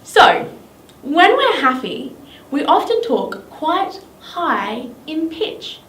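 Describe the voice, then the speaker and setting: A high, very animated, fairly bright female voice speaks very slowly in an encouraging, sing-song teacher tone. She has an Australian accent and is leading a children's drama lesson, recorded in an echoey room with a distant mic and faint noise.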